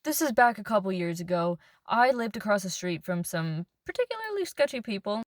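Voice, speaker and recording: A woman's voice: medium pitch, very animated, brisk, no room sound, studio quality. A woman vlogger telling a casual storytime in a car, chatty and peppered with "like.". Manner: chatty, fills speech with "like". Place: inside a car.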